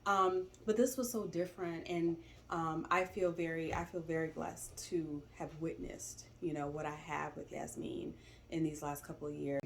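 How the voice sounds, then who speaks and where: A woman's voice: sits low, steady tone, normal speed, slight background noise. A woman in her forties talking reflectively about family in a casual chat, with many "you know" fillers. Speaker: stepmother co-host.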